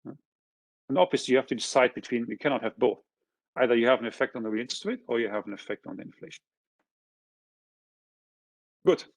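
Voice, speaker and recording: Husky-voiced man lecturing on graphs. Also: medium pitch, fast, pauses often, no echo. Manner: checks in with frequent tag questions; points through a figure step by step. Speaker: economist presenting a seminar. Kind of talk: academic lecture explaining graphs.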